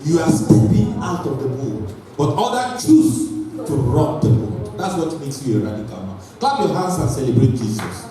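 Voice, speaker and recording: A man preaching an energetic sermon and calling on his congregation to respond. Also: mid-range voice, moderate pace, faint music behind. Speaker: pastor. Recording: echoey hall, voice from far off, faint noise.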